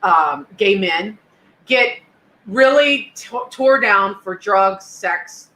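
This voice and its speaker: A woman's voice: mid-range voice, animated, drawn-out words, a bit bright, echoey room, low-quality recording. A woman co-hosting a casual chat, talking in an earnest, reflective way and often checking in with "you know what I mean.". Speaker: co-host.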